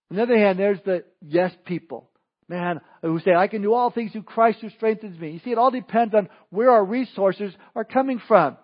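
A man's voice: sits high, moderate pace, muffled recording. A man preaching a sermon as pastor, with emphatic, punchy lines that rise for emphasis.

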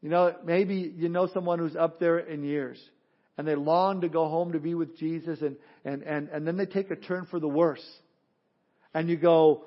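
Male pastor, high-pitched, emphatic sermon delivery, muffled lo-fi audio. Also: steady tone, moderate pace. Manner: earnest, emphatic, repeats words in restarts.

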